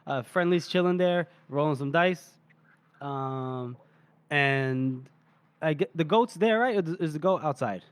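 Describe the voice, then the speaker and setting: High-voiced man retelling a story. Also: unhurried, clean tone, dry recording. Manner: retells scenes, reading character lines with laughter. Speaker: podcast co-host. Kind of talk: casual book-discussion chat.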